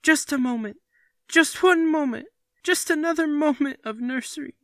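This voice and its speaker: A man's voice: normal speed, bright, forceful tone, dry recording, studio quality, full character voice. A man voicing young children who wail and shriek their pleas in a story reading. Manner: shrill wailing pleas.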